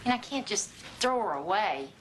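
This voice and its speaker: Casting: actress for a caring, firm middle-aged mom, gentle and steady, some noise behind. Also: female voice, medium pitch, moderate pace, close to an everyday voice, low-quality recording. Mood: earnest. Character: caring middle-aged mother and granddaughter, patient. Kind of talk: television drama acting.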